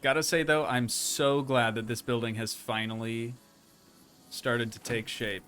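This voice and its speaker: A man's voice: mid-range voice, little pitch movement, unhurried, a bit bright, soft background music. A young man casually commenting as he builds in a game, chatting to his viewers and thinking aloud. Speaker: streamer.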